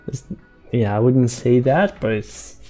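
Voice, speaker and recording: A man painting live on stream, talking softly and slowly to his chat and repeating words as he works, with faint music behind him. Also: medium pitch. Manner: soft-spoken, slow, repeats words while painting.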